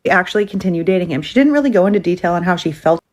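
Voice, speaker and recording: A woman retelling a strange story in a brisk, conversational way, slipping in quoted dialogue. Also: on the low side, lively intonation, a little mellow.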